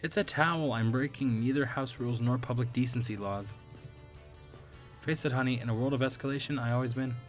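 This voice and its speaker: A man's voice: mid-range voice, brisk, faint music behind, close to an everyday voice. Man playing a smug, teasing young woman.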